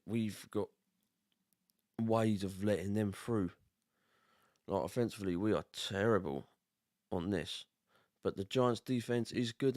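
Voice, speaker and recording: Tired streamer, low and dry. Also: male voice, a little mellow, no echo. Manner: tired, grumbling, informal. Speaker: livestream host. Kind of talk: casual watch-along chat. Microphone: close podcast mic.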